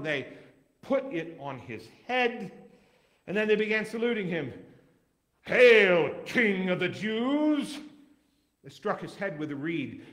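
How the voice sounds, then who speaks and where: A man reading scripture aloud as a dramatic recitation in a church, measured, with wide swings in loudness. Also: a little high. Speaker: scripture reader.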